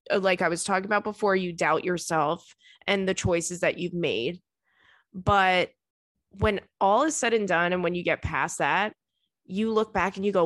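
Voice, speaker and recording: A woman's voice: medium pitch, no echo. Woman in her thirties, podcast host giving blunt, sweary advice; dry, close sound. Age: 30s. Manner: blunt, swearing, gets riled up and loud. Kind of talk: casual chat.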